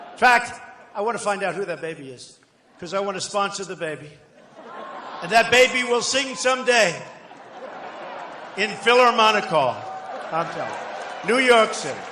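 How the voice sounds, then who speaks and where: A man's voice: high-pitched, lively intonation, moderate pace, long pauses, bright, forceful tone, slight background noise. A man giving a campaign rally speech, boastful and repetitive, with rambling asides. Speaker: political candidate addressing a rally. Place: large rally hall. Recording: echoey hall with long reverb.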